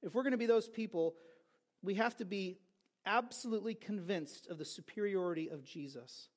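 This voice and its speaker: A man preaching a sermon as pastor, in a conversational way with quick asides and restarts. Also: high-pitched.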